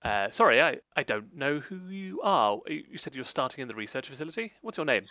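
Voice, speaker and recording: A man's voice: mid-range voice, big pitch swings, a little fast, pushed and bright. A man voicing a busy young male clerk who is curt and suspicious in a tabletop role-play game. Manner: curt, dismissive.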